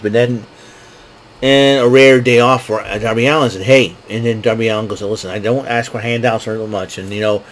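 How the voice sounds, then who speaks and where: A man hosting a casual wrestling recap show, excitable and laughing often as he acts out what wrestlers said. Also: medium pitch. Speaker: wrestling podcast host.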